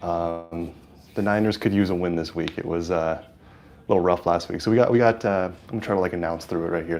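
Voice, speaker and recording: Casual streamer guy, lapel mic, slightly low voice, lots of ums, gets hyped at big plays. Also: steady tone, fairly quick, darkish tone. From California. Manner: chatty, hesitant with many fillers, hyped at plays. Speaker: livestream host. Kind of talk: casual live-stream chat and game commentary.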